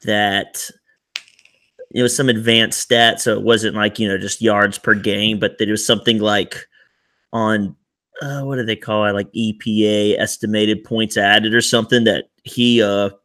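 A man co-hosting a sports podcast in casual chat, excitable and quick to laugh, talking in loose run-on bursts. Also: fairly low pitch, no echo, studio quality. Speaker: podcast co-host.

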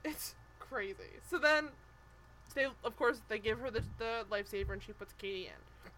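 A woman's voice: a little high, moderate pace, bright, forceful tone, low-quality recording. A woman co-hosting a podcast, chatting casually and animatedly as she recaps a show, swearing and mimicking people. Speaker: podcast co-host.

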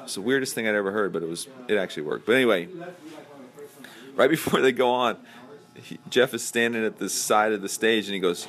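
Lowish-voiced man telling a story. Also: fairly quick. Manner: animated storyteller acting out quotes. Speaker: podcast host. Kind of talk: casual storytelling chat.

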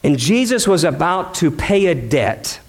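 A man's voice: fairly high pitch, sing-song, measured pace. A male pastor preaching a sermon in a conversational, dramatic way, asking the crowd questions and acting out the voices he quotes.

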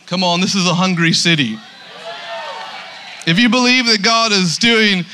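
A man's voice: sits high, normal speed, long pauses, bright, forceful tone, a little hiss or hum. A man preaching a sermon as pastor, emphatic, often repeating words as he starts a sentence.

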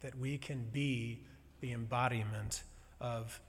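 Male pastor, mid-pitched, earnest sermon, echoing hall. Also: fairly even intonation, takes it slowly, a little hiss or hum. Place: church sanctuary. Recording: long reverb of a large hall.

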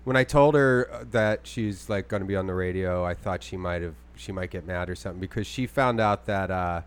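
A young man co-hosting a podcast, chatting casually in a rambling, animated way. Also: a little fast, clean tone. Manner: rambling, animated, mimics his grandma in a high voice. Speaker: podcast co-host and stand-up comic.

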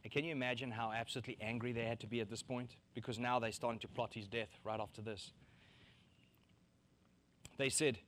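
A man preaching a sermon, animated, acting out quoted voices to mock them and laughing between his points. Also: mid-range voice, a little fast, pauses often. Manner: animated, acts out mocking quotes.

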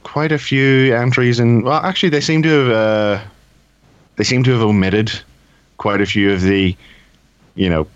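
A man's voice: medium pitch, steady tone, normal speed, pauses often, clear, resonant tone, no echo, muffled recording. A man co-hosting a gaming podcast, chatting casually in a wry, rambling way and correcting himself as he goes. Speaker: podcast co-host. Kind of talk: casual chat.

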